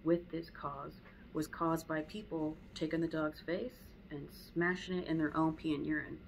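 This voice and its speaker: Low-voiced woman dog trainer at home. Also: little pitch movement, moderate pace, vocal fry, slight background noise, low-quality recording. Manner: conversational, acts out dog and owner voices. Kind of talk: casual spoken lesson.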